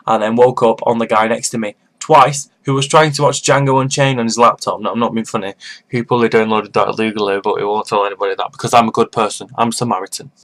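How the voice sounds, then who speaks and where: A man's voice: medium pitch, fairly bright tone. Sarcastic young man ranting. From Northern England. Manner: sarcastic, profane, exaggerated. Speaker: vlogger. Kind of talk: casual rant to camera.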